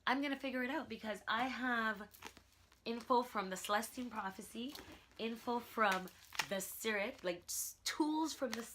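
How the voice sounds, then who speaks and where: A young woman vlogging in a casual, animated way, telling her story with laughter and emphasis. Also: on the high side, normal speed, a little hiss or hum. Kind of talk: casual vlog monologue.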